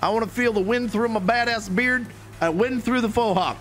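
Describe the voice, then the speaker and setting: A man giving casual gameplay commentary as a streamer, joking crudely and breaking into sudden shouts. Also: very high voice, normal speed, faint music behind. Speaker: gaming streamer.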